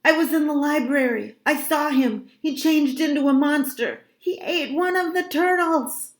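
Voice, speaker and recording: A woman reading aloud and voicing a frightened young girl who is out of breath, crying out in a shrill, panicky voice. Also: a little slow. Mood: panicked pleading. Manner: high, loud, pleading cries. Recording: roomy echo.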